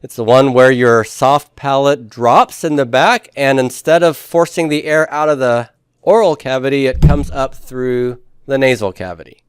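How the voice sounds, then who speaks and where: Speaking at a moderate pace in a clean, medium-pitched tone, a man teaches Greek to his class. The studio recording has no room sound. His explanations go step by step, punctuated by "right?" and "okay?" to check understanding, plus an occasional pun or joke.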